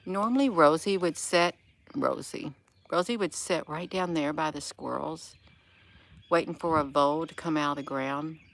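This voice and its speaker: A woman's voice: sits low, moderate pace, gravelly. A woman chatting casually on a live stream outdoors in her yard, meandering and losing her train of thought as she greets viewers by name. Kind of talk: rambling casual livestream chat.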